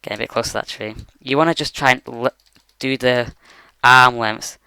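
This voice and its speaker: A man's voice: mid-range voice, fairly even intonation, normal speed, pushed and bright, smooth, dry recording. A man talking through a game tutorial from his bedroom computer, rambling casually with lots of fillers. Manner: rambling, many fillers like "you know" and "like". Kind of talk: casual screen-recorded tutorial.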